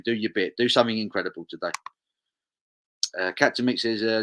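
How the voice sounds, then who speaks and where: A man's voice: on the low side, fairly bright tone. A young man, hosting a charity live stream, casually reading viewer comments aloud and chatting along.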